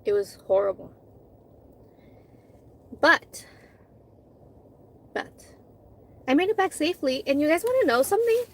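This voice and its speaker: A woman's voice: sits high, big pitch swings, unhurried, pauses often, poor audio. A woman vlogger in casual chat with her live viewers, candid, swearing freely and acting out conversations as she tells them.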